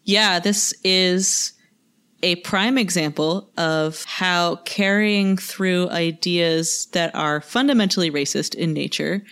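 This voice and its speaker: A young adult woman co-hosting a casual chat podcast, making wry, deadpan asides. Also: lowish voice, slow pace, clean tone. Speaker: podcast co-host.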